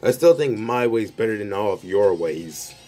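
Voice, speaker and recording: A man's voice: fairly low pitch, expressive, moderate pace, mellow. A man making an unscripted comedy skit, bickering back and forth as though several people share the table. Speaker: creator of an improvised comedy skit.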